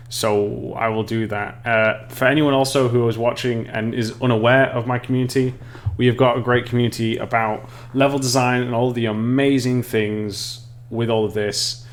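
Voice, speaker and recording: Speaking in a mid-range, fairly bright voice, this Englishman talks through game level design on a live stream in a relaxed way. He's chatty with his viewers, reads their messages out, laughs, and often starts his sentences over.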